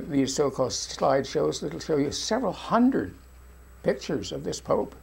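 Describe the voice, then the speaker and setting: A man's voice: on the high side, gravelly, slight background noise. An older man giving folksy, informal video commentary, talking straight to his viewers as friends. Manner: folksy, addresses viewers as friends, frequent restarts.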